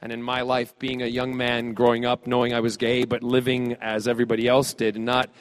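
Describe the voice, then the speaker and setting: Male panel guest from Scotland, mid-pitched, teasing and quick with a joke, stumbling over fillers as he answers fans. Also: completely flat delivery. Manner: playful and joking, with halting fillers and restarts. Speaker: celebrity guest at a fan panel. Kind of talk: casual audience Q&A.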